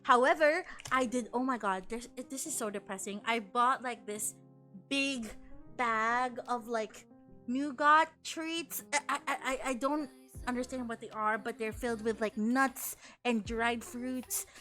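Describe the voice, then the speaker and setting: Bubbly filipina streamer girl, high bright voice, yapping nonstop with chat, cusses a lot, faint music behind. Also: measured pace. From Philippines. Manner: chatty and animated, swears casually, laughs often. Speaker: VTuber streamer. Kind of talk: casual stream chat, reading chat.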